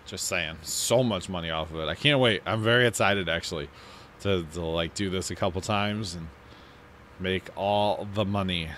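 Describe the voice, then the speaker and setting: Low-voiced guy narrating his farm game, drowsy and rambly, laughs at his own mistakes, faint engine hum behind. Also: moderate pace, a bit bright. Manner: rambling, self-mocking, yawning. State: sleepy. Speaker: let's play host. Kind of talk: casual gameplay commentary.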